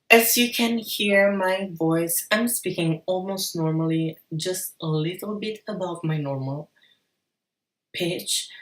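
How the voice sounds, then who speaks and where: A woman's voice: on the low side, far from the mic. A woman giving frank, encouraging advice in a casual vlog, with the odd swear word. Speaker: vlogger. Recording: roomy echo, off-mic.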